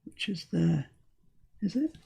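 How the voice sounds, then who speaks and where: Gravelly, low-voiced woman crafter. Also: very animated, slow, mellow. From United Kingdom. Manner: chatty, talks herself through each step. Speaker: crafting channel host. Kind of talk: live crafting demonstration.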